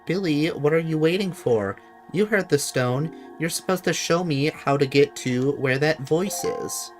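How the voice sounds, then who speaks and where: A man's voice: on the high side, a little slow, faint music behind, pitched above the performer's own voice, lightly acted. A man putting on Tetra, a bossy young pirate girl. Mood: impatient. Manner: brusque, demanding.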